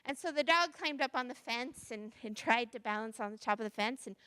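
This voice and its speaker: High-voiced woman telling a children's story. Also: fairly quick, smooth, no echo, clean studio sound. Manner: playful, expressive storytelling. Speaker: interim minister. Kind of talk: children's story in a church service. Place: church sanctuary.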